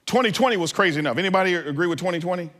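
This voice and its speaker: A man preaching as a pastor, telling a family story with lively asides to the congregation. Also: high voice, racing. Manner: animated, acts out family scenes. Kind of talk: sermon.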